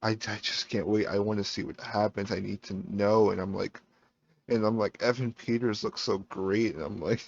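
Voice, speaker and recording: A tired man rambles excitedly through a casual review, full of fillers and restarts. His voice sits fairly low and comes through a dull, muffled microphone that cuts out now and then. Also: moderate pace, vocal fry. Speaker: YouTube reviewer. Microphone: home microphone.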